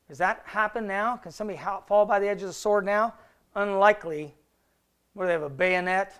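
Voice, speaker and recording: A Bible teacher leads a relaxed study group, working through verses in a conversational way, posing rhetorical questions, and reading the old scripture at a slow pace. His voice sits high and comes across smooth and slightly bright.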